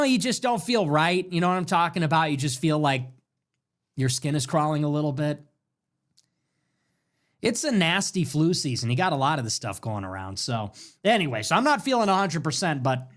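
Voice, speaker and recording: A man hosting a ranting political talk show. He talks in an animated way and swings between loud bursts and muttered asides. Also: on the high side. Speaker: show host.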